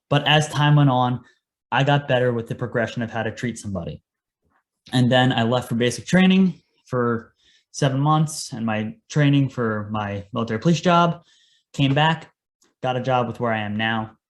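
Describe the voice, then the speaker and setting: A young paramedic, appearing as a podcast guest, tells a story from his work in an earnest, casual manner, acting out the lines he once said. His voice is medium in pitch.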